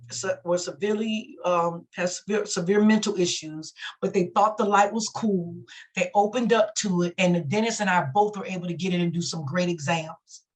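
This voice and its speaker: Chatty woman on a webinar. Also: mid-range voice. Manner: chatty and enthusiastic, with restarts. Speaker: oral health worker on a webinar. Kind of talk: unscripted webinar talk.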